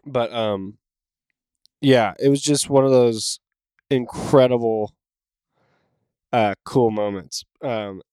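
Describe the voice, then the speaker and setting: A man's voice: medium pitch, slow pace, long pauses, darkish tone, clean tone, dry recording. A man co-hosting a casual podcast from home, talking in a rambling, easygoing way with many fillers. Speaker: podcast co-host. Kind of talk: casual chat. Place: home room.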